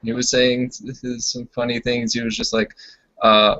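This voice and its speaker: A man's voice: mid-range voice, little pitch movement, moderate pace, sharp tone, dry recording. A man in casual group chat, retelling comedy bits with loose, laughing asides. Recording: dull lo-fi sound.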